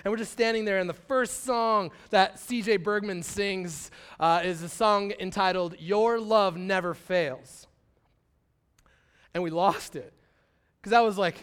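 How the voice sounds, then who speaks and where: A man's voice: high voice, steady tone, measured pace, fairly bright tone, clear, resonant tone. A man, preaching a sermon as a pastor and telling a personal story in a casual, slangy way, acting out quotes with big swings in volume.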